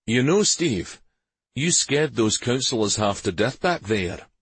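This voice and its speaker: Guy doing a loyal guard captain, husky, plain and clipped, slow talker. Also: on the low side, animated, no echo. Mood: dry.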